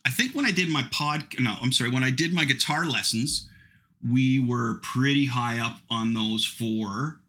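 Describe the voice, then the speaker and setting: A man's voice: medium pitch, normal speed, pushed and bright. A middle-aged man hosting a podcast, chatting casually in a rambling, self-mocking way. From Canada. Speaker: podcast host. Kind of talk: casual chat.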